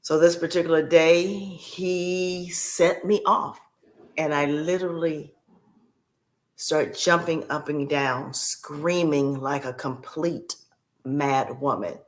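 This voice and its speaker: A woman's voice: low voice, fairly even intonation, takes it slowly. A woman guest on a podcast, telling a personal caregiving story in a heartfelt way and repeating key phrases for emphasis.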